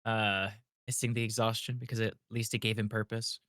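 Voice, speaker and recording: A man's voice: fairly low pitch, little pitch movement, brisk, a bit bright, no room sound, studio quality. A man describing his character's moves in a tabletop game, hesitant with many fillers.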